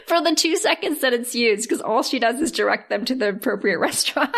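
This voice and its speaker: A woman with a somewhat high voice chats casually on a podcast, laughing often as she recaps a drama. Her retelling is quick and giggly. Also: animated. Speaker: podcast co-host.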